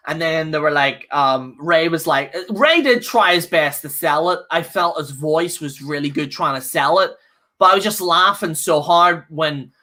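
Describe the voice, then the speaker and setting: A man with a bright, forceful voice rants through a casual live review. He rambles and restarts often, exasperated and full of fillers. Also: on the high side. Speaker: host reviewing a wrestling show.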